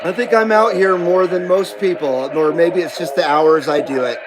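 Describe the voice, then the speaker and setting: A man's voice: high voice, steady tone, moderate pace, background noise. A man hosting a CB radio livestream, reading chat messages aloud in a rambling, self-deprecating way and laughing often. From western United States.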